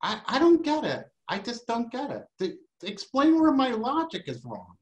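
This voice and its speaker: A man's voice: extremely high pitch, wildly swooping pitch, moderate pace, poor audio. A man with a New York accent, debating on an academic panel, combative and emphatic, firing off rhetorical questions.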